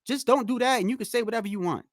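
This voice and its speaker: A man's voice: extremely high pitch, racing, no echo. Blunt ranting man on a dry mic. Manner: blunt, animated, cursing, addresses chat. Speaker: livestream host. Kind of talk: casual live-stream rant.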